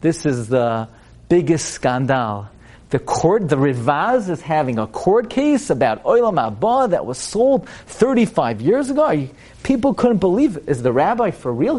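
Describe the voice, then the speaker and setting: Animated male religious teacher, high voice, dramatic storyteller. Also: moderate pace. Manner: animated, dramatic, addresses listeners directly. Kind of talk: storytelling lesson.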